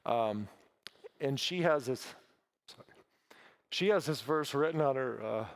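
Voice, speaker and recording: A man's voice: mid-range voice, animated, a little slow. A man speaking at a church as a guest from a mission, earnest, with many fillers and restarts. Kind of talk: sermon talk.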